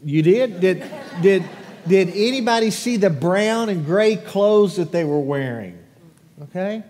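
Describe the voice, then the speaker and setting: A pastor reading scripture and then leading a lively children's sermon, questioning the congregation with animated energy. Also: male voice, sits high, measured pace. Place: church sanctuary. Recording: long echo of a large church hall.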